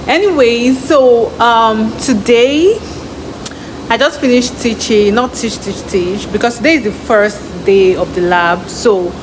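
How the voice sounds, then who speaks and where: A young woman with a Nigerian accent telling stories casually in a vlog, often acting out what others said in a higher voice. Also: a little slow, noisy background. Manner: chatty, acts out others' lines in a higher voice. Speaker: vlogger and graduate student.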